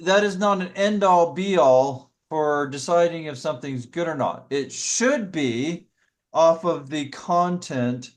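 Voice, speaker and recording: Halting man leading scripture study. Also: a little high. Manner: halting, explanatory, self-correcting. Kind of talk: casual scripture study discussion.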